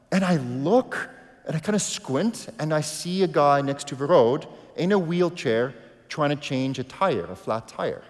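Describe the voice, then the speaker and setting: A slightly high-pitched male pastor delivers a storytelling sermon. His voice swings from quiet asides to loud, emphatic bursts. It rings out with a long reverb in a church sanctuary.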